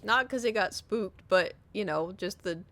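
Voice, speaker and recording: Animated, giggly young woman streamer. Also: medium pitch, measured pace. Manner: animated storytelling, giggly, swears casually. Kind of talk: casual chat with stream viewers.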